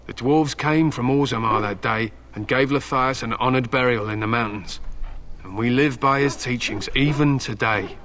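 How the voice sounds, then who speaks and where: A man voicing a stern, bright-voiced warrior. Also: medium pitch, moderate pace, slight background noise, lightly acted. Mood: solemn. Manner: solemn storytelling, blunt threats. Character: stern proud male warrior, hound handler. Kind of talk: video game dialogue.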